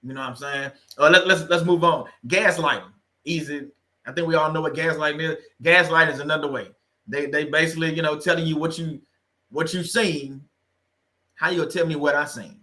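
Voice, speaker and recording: Bright-voiced joking man on a livestream. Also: a little high, a little fast. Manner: animated and joking, laughs often, speaks to the viewers. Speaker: livestream host on narcissistic abuse. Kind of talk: casual livestream talk.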